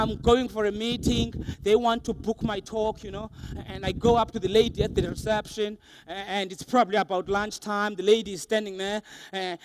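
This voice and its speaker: A young adult man giving an animated motivational keynote to a large audience, acting out voices for laughs. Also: high-pitched. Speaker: motivational speaker. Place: large hall with a live audience.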